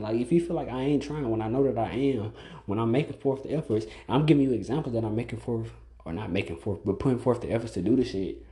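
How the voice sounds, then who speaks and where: Fast-talking with a warm tone and medium pitch, this man hosts a casual solo podcast. His monologue is blunt and profane, and he repeats "like" constantly, in nearly every phrase.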